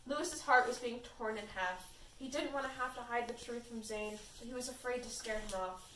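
A woman's voice: on the high side, fairly quick, fairly bright tone, recorded from a distance. A young woman reading fan fiction aloud plainly and informally as co-reader. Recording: echoey room from afar, faint noise.

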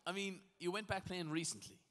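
A man's voice: high-pitched, fairly even intonation, fairly quick, a bit bright. A man hosting a live podcast interview, asking questions in a jokey, friendly way. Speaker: podcast host. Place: live stage before an audience. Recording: long reverb of a live venue with faint noise.

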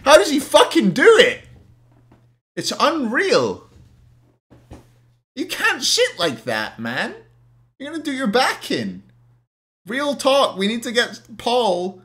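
A man's voice: on the high side, a bit bright. A young man in a casual live stream, ranking players and ranting at his chat with plenty of swearing, hungover. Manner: swears a lot, rants at chat.

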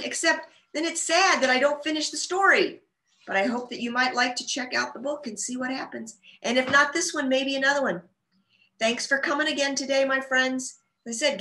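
A woman librarian reading a storybook aloud to young children with gentle, expressive storytelling. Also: high voice. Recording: roomy echo.

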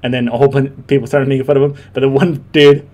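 A man's voice: mid-range voice, flat delivery, quick pace, mellow. A young man and former Marine giving casual reaction commentary, laughing often and rambling with many restarts.

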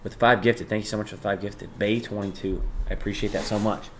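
A young man hosting a live stream, reading chat aloud and thanking viewers, jumping between loud bursts of excitement and low mumbled asides. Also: fairly quick, slight background noise. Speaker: livestreamer.

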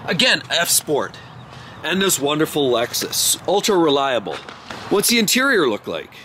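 A man's voice: on the high side, sing-song, moderate pace, bright, forceful tone, slight background noise. A man doing an enthusiastic walkaround of cars, praising each detail. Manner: effusive, praising every detail. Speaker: car reviewer. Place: outdoors beside parked cars.

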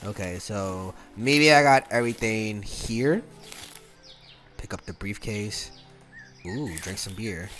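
Animated slangy man with game music. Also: medium pitch. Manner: animated, slangy, quick to laugh. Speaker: gaming YouTuber. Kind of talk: casual let's-play commentary. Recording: game music playing behind the voice.

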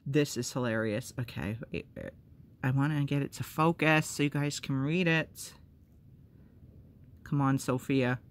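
A woman at home filming fan mail on her phone, chatting casually to the camera, rambling and excitable with self-deprecating humor. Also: rumbling low, a little slow, pauses often. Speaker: vlogger opening fan mail.

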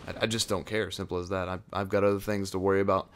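Another low-pitched take from the gaming creator: fast, fairly bright, with little pitch movement and slight background noise. Speaking into a mic right at his face over gameplay footage, the young man wanders off topic and fills his talk with "like" and "uh."

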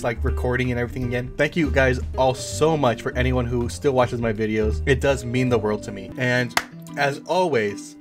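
Man, gaming youtuber, horror game commentary, jumpy repeated exclamations, loud game music behind. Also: medium pitch. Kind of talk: let's play commentary.

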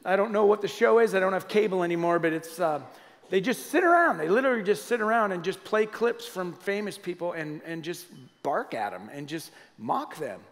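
A middle-aged man preaching a sermon as pastor, conversational and animated, often turning to the congregation with questions. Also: high-pitched, brisk. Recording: long hall reverb.

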